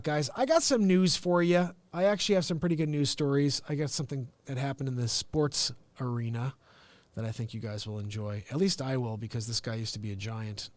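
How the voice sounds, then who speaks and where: A middle-aged man hosting his own daily live show, talking straight to viewers in a chatty, animated way. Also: mid-range voice, no room sound. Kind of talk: casual live-stream monologue.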